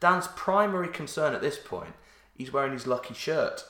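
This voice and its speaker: A man in casual chat, telling an anecdote to a friend and tossing in quick questions. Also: mid-range voice, very animated, sharp tone, echoey room. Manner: chatty, asks quick questions, uses 'mate'.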